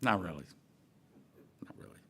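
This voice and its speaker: A man giving a Sunday talk in a relaxed, conversational way, with playful asides and questions to himself. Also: normal speed. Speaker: minister. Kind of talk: sermon.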